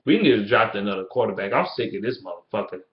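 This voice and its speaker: A man's voice: fairly low pitch, lively intonation, fast talker. A man ranting angrily about his team in a heated, profane fan vlog, repeating himself and swearing constantly. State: angry. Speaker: sports fan vlogger. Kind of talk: angry fan rant. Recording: roomy, dull lo-fi sound.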